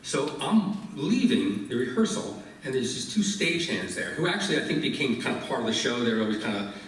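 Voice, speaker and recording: A man, a chef, telling a lively anecdote on stage at a live interview, with laughs and restarts. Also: mid-range voice, fairly quick. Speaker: chef and guest. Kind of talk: storytelling on stage. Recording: very echoey hall, from far off.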